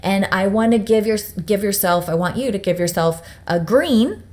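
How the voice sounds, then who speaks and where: A woman's voice: mid-range voice, animated, normal speed, darkish tone. Woman, young adult, webinar coach; casual, upbeat and direct with viewers. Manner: chatty, upbeat, addresses viewers directly with frequent "right?". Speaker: business coach presenting a webinar. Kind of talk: webinar teaching.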